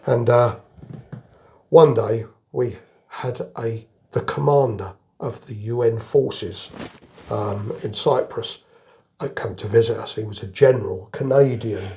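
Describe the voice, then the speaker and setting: A man's voice: medium pitch, a little slow, a little mellow, slight background noise. An older man from England, a retired army veteran, telling rambling anecdotes in a casual interview. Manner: rambling anecdotal storyteller, chuckles through jokes.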